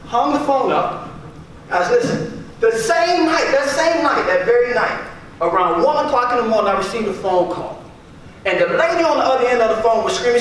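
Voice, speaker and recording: A man's voice: very high voice, expressive, moderate pace, a bit bright. A man giving a motivational speech to a live audience, emphatic and repeating key phrases for effect. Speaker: motivational speaker. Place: large echoey room with audience. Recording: very echoey, from far off, faint noise.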